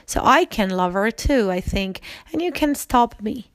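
A woman's voice: medium pitch, lively intonation, unhurried, no echo, natural voice. A woman reading the lines of a lovesick, scheming young male knight in a storybook reading, with small restarts.

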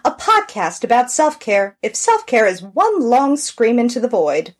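A woman's voice: on the high side, sing-song, a little slow, breathy edge. A woman co-hosting a podcast, chatting casually with dry, wry quips. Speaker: podcast co-host.

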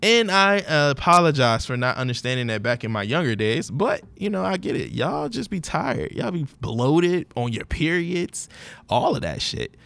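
A man with a New Orleans accent hosting a solo podcast in a relaxed, joking way, laughing often and drawing out his slang. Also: on the high side, normal speed, creaky, dry recording. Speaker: podcast host. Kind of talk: casual solo podcast monologue.

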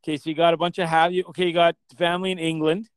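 A man's voice: on the high side, flat delivery, racing, smooth, no room sound. A man from Manitoba hosting a casual chat, laid-back and chatty, swearing freely. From Manitoba, Canada.

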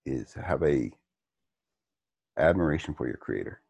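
A man with a gravelly, somewhat husky voice talks through interview answers in a relaxed way. He pauses on fillers and chuckles as he thinks. The sound is dry and close. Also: very deep voice, dry recording. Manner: reflective, with chuckles and hesitant fillers. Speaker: interview guest.

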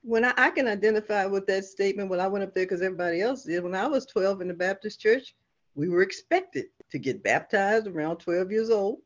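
A woman's voice: medium pitch, a little fast, highs cut off. A woman who is a church mother, asking earnest questions in a Bible study discussion.

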